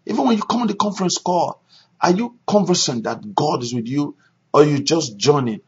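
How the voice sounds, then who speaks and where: A man's voice: fairly high pitch, animated, fairly quick, husky. A man preaching and praying as a pastor on a conference call, stressing his points by repeating phrases. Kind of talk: sermon and prayer on a conference call. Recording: dull lo-fi conference call recording.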